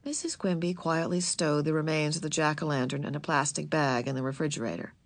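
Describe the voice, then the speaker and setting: A woman narrating a children's book, telling the story in a gentle, measured, expressive way. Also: sits low, no room sound. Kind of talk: children's audiobook reading.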